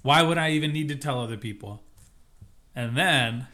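A man's voice: mid-range voice, normal speed, bright, forceful tone. Man recapping scenes in chat. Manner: retells scenes acting out characters' lines. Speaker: podcast co-host.

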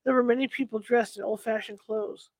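A man reading ghost stories aloud at a steady pace, now and then stumbling and correcting himself. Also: sits high, a little fast, dry recording, poor audio. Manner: steady reading with occasional slips and self-corrections. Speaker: storyteller.

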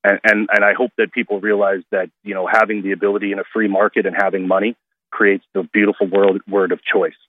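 A male radio caller talking in an earnest, halting way with many restarts, heard over a phone line. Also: lowish voice, level tone, no room sound. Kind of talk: call-in radio talk.

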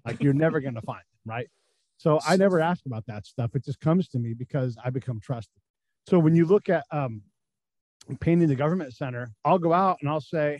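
In a casual interview, a middle-aged man who once served in military intelligence tells his war stories openly, swearing liberally and mimicking the voices of people he quotes. He speaks briskly in a fairly high, slightly mellow voice. The recording is dry and poor.

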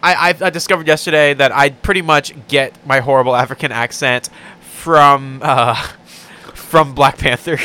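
A young man co-hosting a podcast, telling stories in a profane, laughing, animated way. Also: mid-range voice, moderate pace, clear, resonant tone. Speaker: podcast co-host. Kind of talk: casual podcast banter.

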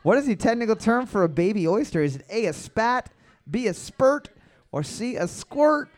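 A man's voice: high voice, sing-song, normal speed. A man hosting a casual trivia game, reading questions aloud and joking between them. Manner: joking, playful, reads questions aloud with bits. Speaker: trivia quiz host.

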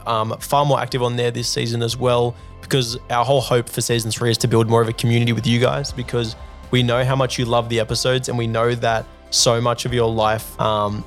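A young man co-hosting a podcast in casual, rambling chat full of fillers and enthusiasm. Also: mid-range voice. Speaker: podcast co-host.

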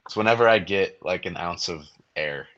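A man's voice: sits low, moderate pace, fairly bright tone, lo-fi sound. A young man on a podcast, chatting in a laid-back, slangy way full of "like". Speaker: podcast co-host. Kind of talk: casual chat.

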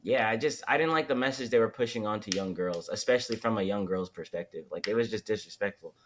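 A man's voice: lowish voice, quick pace, slight background noise. Profane ranting man in his twenties. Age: 20s. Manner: loose, profane ranting with slang. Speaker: podcast co-host. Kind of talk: casual chat.

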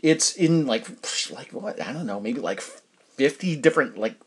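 A man's voice: mid-range voice, animated, unhurried, breathy edge. A middle-aged man hosting a casual solo podcast, chatting in a rambling way and often stopping to restart his sentences. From New Hampshire. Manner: rambling, chatty, self-interrupting with fillers. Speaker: podcast host.

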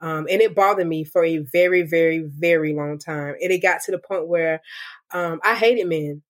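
A woman's voice: deep voice, normal speed. A young woman giving a candid personal testimony in an interview, reflective and full of "like" and "um". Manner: candid and reflective, with many "like" and "um" fillers. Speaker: interview guest. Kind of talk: personal testimony, casual storytelling.

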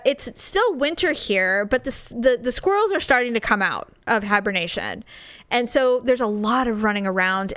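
A woman in her forties telling a story in casual chat, dramatic and animated, acting out quoted dialogue. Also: mid-range voice, no echo.

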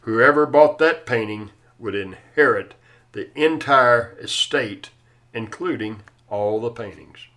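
A man's voice: medium pitch, slow, fairly bright tone. A man voicing an estate-sale auctioneer who patiently repeats his calls for bids, in a plain everyday voice. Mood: solemn.

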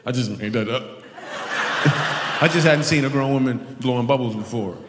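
Amid heavy background noise, a stand-up comedian with a mid-range voice talks at a moderate pace, playfully teasing people in the crowd via a handheld mic. It's a live show in a large venue, recorded in an echoey hall with audience ambience.

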